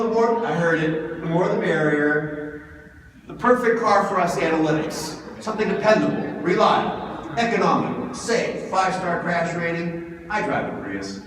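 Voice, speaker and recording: A man giving a lively seminar talk, asking the audience questions, recorded from far off in a hall. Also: high voice, slight background noise. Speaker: speaker.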